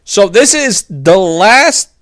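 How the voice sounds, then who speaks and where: A man's voice: high-pitched, expressive, slow pace, fairly bright tone. A young man hosting a casual political commentary show, sarcastic and mocking, rambling as he talks.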